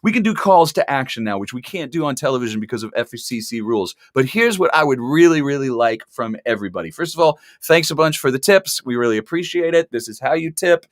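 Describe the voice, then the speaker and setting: A man's voice: medium pitch, lively intonation, fast talker, few pauses, no echo. A man from Texas hosting a casual talk show, chatty and rambling, with dry sarcastic humor. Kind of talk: casual chat.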